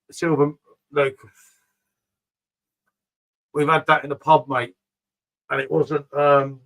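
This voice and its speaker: Reading through live chat, a middle-aged man chats loosely about beer on his stream and keeps addressing viewers as "mate." He talks slowly in a fairly high, slightly bright voice with little pitch variation, over rough-sounding audio.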